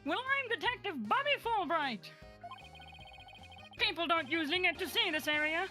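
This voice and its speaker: A woman voicing a zealous, loud male police detective in a fan voice acting of a game, with booming, self-righteous declarations. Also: expressive, normal speed, soft background music, heavily acted. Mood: earnest.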